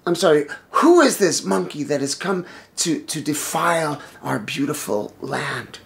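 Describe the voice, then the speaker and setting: A man's voice: on the high side, expressive, measured pace, creaky, fairly bright tone, pitched below the performer's own voice, heavily acted. A male storyteller voicing a scornful crowd of demons jeering at a captive.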